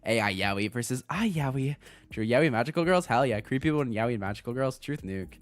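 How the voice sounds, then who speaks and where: A young man chatting casually on a livestream as a VTuber streamer, excitable, laughing often and swearing freely. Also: mid-range voice, brisk.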